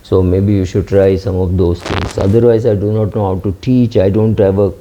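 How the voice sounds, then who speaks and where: A man's voice: sits low, steady tone, moderate pace, noisy background. A middle-aged man hosting a finance channel, answering viewer questions in a casual, hesitant way, with many fillers and restarts. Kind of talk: casual talk reading and answering comments. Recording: dull lo-fi sound.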